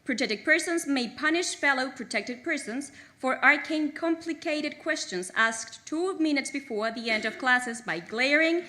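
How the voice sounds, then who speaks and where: A young woman reading humorous mock legal articles at a graduation ceremony, crisp and formal with a playful undertone. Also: sits high, animated, measured pace, hardly any pauses, pushed and bright. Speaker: graduating student presenter.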